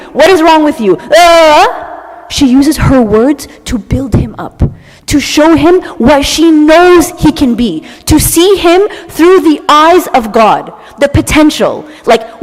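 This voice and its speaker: Woman, young adult, high voice, animated, dramatic, audience talk, long hall reverb. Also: slow. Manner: animated, dramatic, ends phrases with "okay?". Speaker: speaker at a church talk. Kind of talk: lively talk to a live audience.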